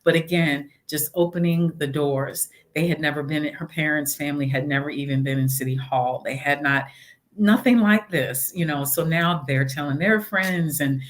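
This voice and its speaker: A middle-aged woman, a mayor, chatting casually in an interview and telling stories with lively acted-out quotes. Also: deep voice, moderate pace. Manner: animated storytelling, acts out quotes.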